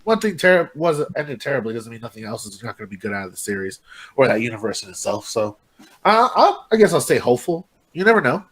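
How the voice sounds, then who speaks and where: A man's voice: mid-range voice, sing-song, fast, fairly bright tone, husky. A man co-hosting a casual chat, talking in a hesitant way with many restarts. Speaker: podcast co-host.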